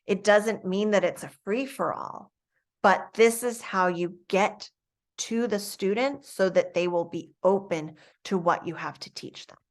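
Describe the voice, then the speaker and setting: Calm woman explaining classroom coaching steps. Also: medium pitch, measured pace. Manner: calm, explaining step by step, soft acted examples for students. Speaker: instructor. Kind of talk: instructional lecture on classroom coaching.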